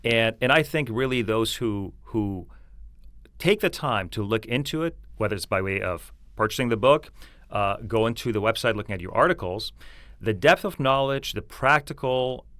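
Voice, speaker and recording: A man hosting a podcast in casual conversation, talking haltingly and often repeating words as he earnestly praises his colleague. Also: medium pitch, expressive, a bit bright, no echo. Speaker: podcast host, law firm associate.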